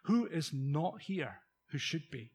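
A man's voice: a little high, sing-song, takes it slowly, slightly rough, full character voice. A man reenacting an intense Canadian preacher. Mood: probing. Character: intense male visiting priest preaching sternly.

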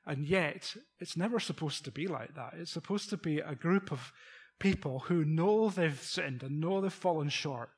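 A middle-aged man delivers a sermon, his fairly high voice carrying a husky, breathy edge. He talks informally and keeps asking the congregation questions. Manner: conversational, rhetorical questions, chuckles. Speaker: preacher.

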